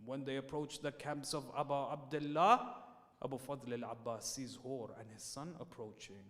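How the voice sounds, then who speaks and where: A man preaching a sermon in a mosque, telling a story with sharp rises and drops. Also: medium pitch, fairly even intonation, moderate pace. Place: mosque hall. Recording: long reverb in a mosque hall.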